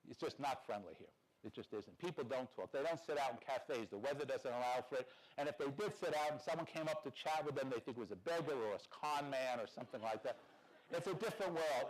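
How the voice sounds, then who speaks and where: An older man from New York gives a conference talk in a wry, storytelling manner. He acts out the people he has met in quick bits of dialogue, in a voice of middling pitch. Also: low-quality recording. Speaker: conference speaker.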